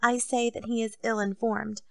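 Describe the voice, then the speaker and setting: Brief: woman as a composed storybook captain, soft and measured, a little gravelly. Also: a little high, dry recording. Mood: calm. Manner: calm, quiet, measured. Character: calm, shrewd captain, grown man.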